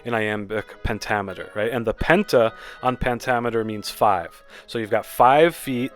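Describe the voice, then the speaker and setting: A man's voice: fairly low pitch, fairly bright tone. Male poetry teacher, easygoing, reads verse with feeling; faint music bed. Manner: explains informally with fillers, reads verse slowly and expressively. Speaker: poetry teacher, channel host. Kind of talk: relaxed spoken poetry lesson with readings.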